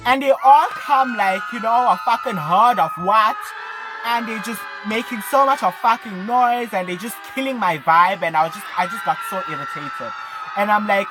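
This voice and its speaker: A young man with a South African accent, telling a story to his vlog in an animated, breathless way, full of swearing and fillers. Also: high voice, moderate pace, music in the background. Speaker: vlogger. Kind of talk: casual storytelling.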